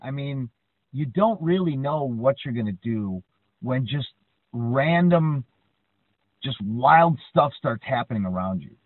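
A man's voice: mid-range voice, takes it slowly, no room sound. A man co-hosting a podcast in casual chat, telling stories and often tagging lines with "right?". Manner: chatty, frequent "right?" tags, animated storyteller. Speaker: podcast co-host. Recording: dry, tinny phone-like line.

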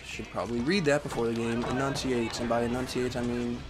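A young man commentating his own football video game, trailing off into mumbles and then bursting into angry yells at the players. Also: mid-range voice, level tone, fairly quick, over music. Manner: swings from mumbling to yelling at the game. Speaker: gaming commentator. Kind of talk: let's play commentary. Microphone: headset or desk microphone.

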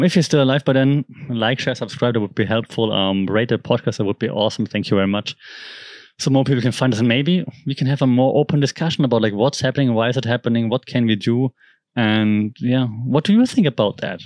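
A man's voice: medium pitch, fairly quick, darkish tone, no echo. A man whose first language is German, hosting a podcast and talking through the news in a rambling, conversational way with frequent restarts. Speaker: podcast host. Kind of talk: casual commentary monologue.

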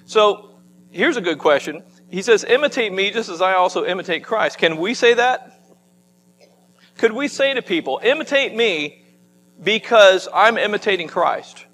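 Guy pastor preaching, kinda high voice, chatty and rambly, echoey church hall. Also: animated, normal speed, fairly bright tone, slight background noise. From United States. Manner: conversational preaching with frequent restarts and asides. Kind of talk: sermon. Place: church sanctuary.

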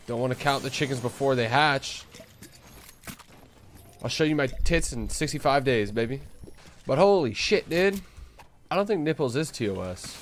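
A man's voice: mid-range voice, a little hiss or hum. A man streaming a game, chatting casually with viewers in crude, slangy, joking talk. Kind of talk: casual live-stream chat.

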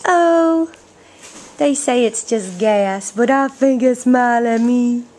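A woman's voice: fairly high pitch, slow pace, darkish tone. A woman cooing doting baby talk with kissing sounds at home, filmed on a home video camera. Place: home, indoors.

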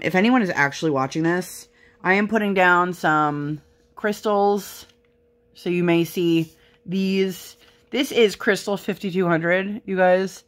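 A young woman with a lowish voice tells stories in a loose, chatty way. She talks casually while she works on a craft project, with plenty of fillers. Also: fairly bright tone. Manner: chatty storytelling with many fillers. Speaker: crafting vlogger.

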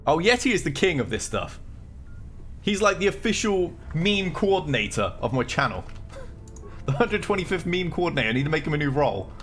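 A man's voice: fairly high pitch, sing-song, fairly quick, fairly bright tone, faint music behind. A man chatting through a live game stream, jittery from coffee, joking and reading game lines aloud. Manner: chatty, jokey, reads game dialogue aloud. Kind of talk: live gameplay commentary.

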